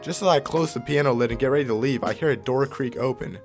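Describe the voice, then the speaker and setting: A young man reading a story game aloud, reacting with excited outbursts and laughter. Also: mid-range voice, fast, faint music behind. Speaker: gamer playing a story game.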